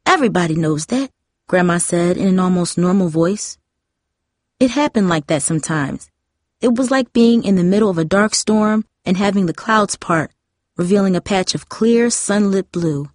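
A woman narrating an audiobook in a gentle, even storytelling manner. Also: mid-range voice, normal speed, no room sound, studio quality. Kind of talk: audiobook reading.

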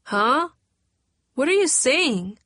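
A woman performs a full character voice, pitched above her own, as a frightened teenage girl pleading in urgent, rising questions, upset and desperate. Her voice is high and bright with big pitch swings, forceful yet slow. The recording is dry and studio quality.

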